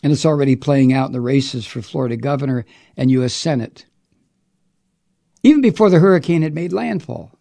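A man's voice: medium pitch, brisk, gravelly, mellow. A man delivering an angry, profane and sarcastic political monologue. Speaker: political commentator.

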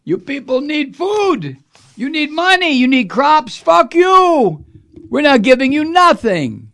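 A man putting on a shrill, ranting blowhard of a president, all sneering bravado and cruelty. The voice soars high and swings wildly, with a gravelly edge. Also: big pitch swings, slow pace, sharp tone, heavily acted. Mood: sneering bluster. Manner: sneering, over-the-top bravado. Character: mocking impression of a blustering male president, cruel and boastful.

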